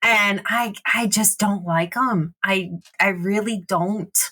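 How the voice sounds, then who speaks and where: A woman's voice: mid-range voice, slow. A woman player in a tabletop game, chatting casually, swearing often and making fun of herself. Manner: swears a lot, self-mocking, expressive. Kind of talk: casual chat.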